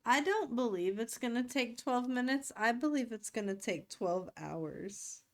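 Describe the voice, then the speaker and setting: A woman's voice: fairly high pitch, animated, measured pace. A woman streaming live, chatting casually and rambling playfully to herself as she works. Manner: rambling, playful, self-talking while working.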